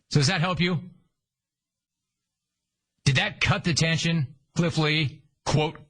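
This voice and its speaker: A man's voice: fairly high pitch, moderate pace, fairly bright tone, slightly rough. A man hosting a sports talk radio show, sarcastic and emphatic in a punchy monologue.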